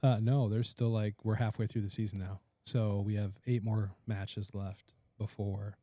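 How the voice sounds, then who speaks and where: Mellow-voiced man telling stories. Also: lowish voice, level tone, normal speed, dry recording, studio quality. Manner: laughing storyteller, acts out quotes. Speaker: podcast host. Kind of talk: casual chat.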